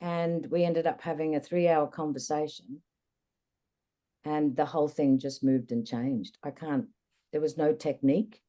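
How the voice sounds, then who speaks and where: A woman guest in an interview, candidly recounting a personal experience in a reflective, lively way. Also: sits low, measured pace. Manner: candid, reflective, animated retelling. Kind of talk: personal storytelling in conversation.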